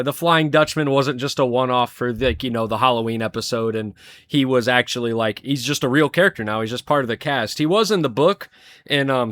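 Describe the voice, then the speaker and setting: Ranking cartoon episodes in loose, casual commentary, a young male show reviewer rambles, swears without restraint and keeps chuckling. His mid-range voice comes across bright and forceful, with no echo.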